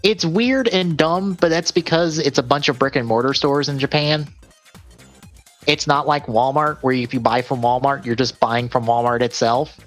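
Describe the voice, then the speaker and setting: Faint music plays behind a man speaking at normal speed in a mid-range voice. He's a gaming podcast co-host reading off game releases in a loose, chatty way, rambling, correcting himself, and often laughing.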